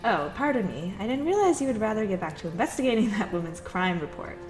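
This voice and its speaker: A woman voicing a bold, sharp-tongued young heroine, earnest and teasing. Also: medium pitch, big pitch swings, quick pace, pitched above the performer's own voice, lightly acted. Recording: echoey room with music.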